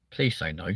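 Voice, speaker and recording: A man's voice: a bit bright, no echo. A man with a southern English accent hosting a live show, rambling, swearing and poking fun at himself as he chats with viewers. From southern England. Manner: rambling, sweary, self-mocking. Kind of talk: casual live-stream chat with viewers.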